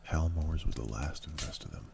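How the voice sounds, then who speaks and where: A man reading a novel aloud in a low, unhurried ASMR audiobook style, sometimes dropping to a breathy near-whisper. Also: distant mic, heavy background noise. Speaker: ASMR channel reader. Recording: steady keyboard clicks behind.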